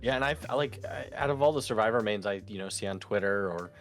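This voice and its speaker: A man's voice: fairly low pitch, fast, faint music behind. A man co-hosting a casual interview, mostly agreeing and adding short, friendly remarks. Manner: brief agreeing replies, laughs along.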